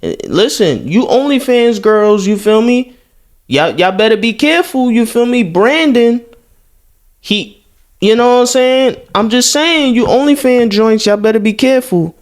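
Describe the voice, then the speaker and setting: A man's voice: extremely high pitch, animated, a little slow. A young man hosting a reaction video, talking loosely in profane street slang and repeating himself as he comments.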